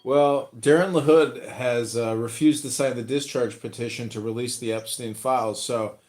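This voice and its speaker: A man who is a political candidate talks casually in an online voice room. He is earnest and pointed as he pushes his message. His voice sits at an ordinary middle pitch. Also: steady tone, moderate pace, a little mellow, faint music behind.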